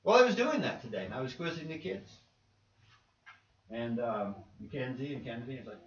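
Brief: high-voiced male preacher, chatty sermon, heard from afar in an echoey church. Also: big pitch swings, a little fast, a bit bright. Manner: conversational preaching with rhetorical questions. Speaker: pastor. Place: church sanctuary. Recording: roomy, distant, dull church recording.

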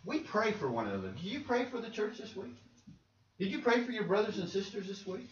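Lively high-pitched preacher in a roomy church. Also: male voice, quick pace. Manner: conversational preaching with rhetorical questions. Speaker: pastor. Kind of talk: sermon. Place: church sanctuary. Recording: roomy, distant, dull church recording.

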